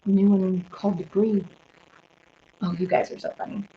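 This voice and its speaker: A woman's voice: mid-range voice, flat delivery, normal speed, creaky. A woman from Oklahoma with a Southern accent, a singer and host chatting casually with viewers between songs and answering their comments. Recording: lo-fi with ukulele playing. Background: ukulele music.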